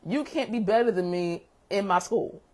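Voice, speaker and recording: Sassy teen girl student, high and teasing, mouthy, as a woman puts her on. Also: normal speed, a little mellow, natural voice. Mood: defiant. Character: sassy teenage girl student, mocking and defiant.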